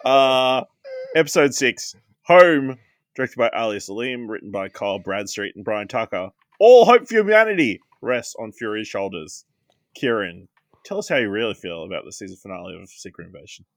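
A man's voice: lowish voice, lively intonation, normal speed, no room sound, clean studio sound. A man hosting a casual podcast, introducing his co-hosts with playful flourishes. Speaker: podcast host.

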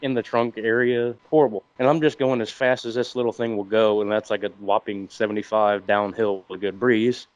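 A man's voice: on the low side, fairly even intonation, brisk, hardly any pauses. A man who is a guest on a podcast, telling a laid-back, vulgar story in casual chat. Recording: dull dry lo-fi mic.

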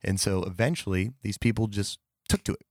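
A man's voice: on the low side, fairly quick, no echo. A man telling a casual anecdote in a rambling way, with fillers, swearing and self-corrections. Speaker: storyteller.

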